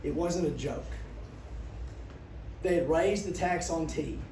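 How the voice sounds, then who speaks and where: A middle-aged man, teaching a class through animated stories and questions to students. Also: a little high, slow pace. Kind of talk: classroom storytelling lecture. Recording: echoey classroom, distant mic, background noise.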